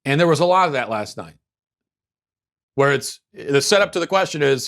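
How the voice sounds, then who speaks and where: A man's voice: a little high, expressive, normal speed, fairly bright tone. A man hosting a political commentary show, talking casually in a sarcastic, mocking way with frequent restarts.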